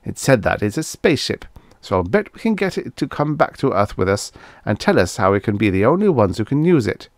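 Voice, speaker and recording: A man's voice: lowish voice, big pitch swings, brisk, no echo, studio quality. A man voicing a greedy, stubborn spaceman who talks eagerly in a raised voice. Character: greedy, power-hungry male spaceman.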